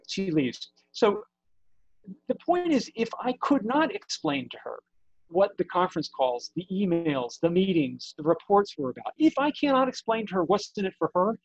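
A man's voice: sits high, slightly rough, dry recording, lo-fi sound. A middle-aged man, an executive, answering an interview question and acting out an imagined dialogue over a video call. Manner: acts out an imagined dialogue in shifting voices. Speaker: technology company executive.

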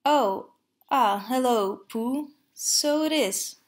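A woman's voice: fairly high pitch, big pitch swings, a little slow. A woman voicing a grumpy male rabbit in a read-aloud storybook, stammering and grudging.

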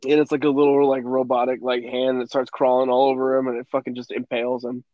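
A young man co-hosting a podcast in casual chat, telling a movie plot in an animated, profane way and acting out quotes. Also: mid-range voice, fast talker, dry recording. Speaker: podcast co-host. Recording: dry, dull lo-fi podcast audio.

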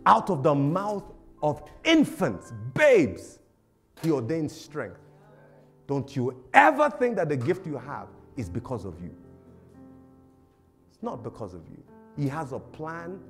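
A man preaching a sermon as a pastor, animated and humorous, laughing often and acting out little voices. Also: medium pitch, slow pace, pauses often, faint music behind. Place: church service.

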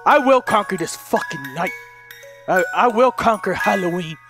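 A young man giving frantic, cursing commentary while playing a horror game and yelling at the monsters. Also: sits high, lively intonation, moderate pace, over music. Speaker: gaming video host.

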